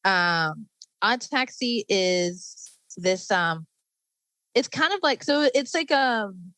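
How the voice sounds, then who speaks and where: A woman's voice: medium pitch, animated, slow pace, a bit bright, dry recording, poor audio. A woman guest on a podcast, describing things enthusiastically with lots of fillers. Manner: enthusiastic, rambling, many fillers. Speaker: guest, anime content creator. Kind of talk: casual interview chat.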